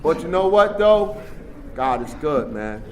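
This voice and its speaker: A man with a high, lively voice tells his own recovery story at a workshop. His streetwise storytelling swings from hushed asides to loud bursts, with a faint hum of the room behind him. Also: measured pace. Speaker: recovery meeting speaker. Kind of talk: personal recovery share at a workshop.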